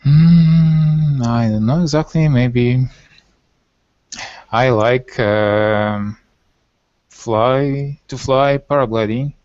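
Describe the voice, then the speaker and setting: A man from Russia with a Russian accent, a student answering hesitantly in halting English. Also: mid-range voice, darkish tone, dry recording, dull audio. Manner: hesitant, searching for words.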